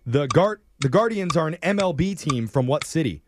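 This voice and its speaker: A man's voice: on the high side, animated, normal speed, very noisy. A man hosting a radio game show, reading trivia questions in a playful quizmaster manner.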